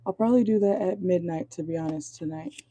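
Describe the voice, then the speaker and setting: A hoarse woman whose voice is going out, chatting casually as she reads viewer comments during a live tarot reading. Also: fairly low pitch, fast talker, noisy background. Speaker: tarot reader. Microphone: phone or laptop in a car.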